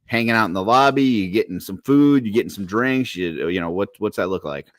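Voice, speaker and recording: A man's voice: fairly low pitch, expressive, fairly quick, no echo, studio quality. A man hosting a casual podcast chat over a video call, rambling through his questions and teasing his guests. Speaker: podcast host.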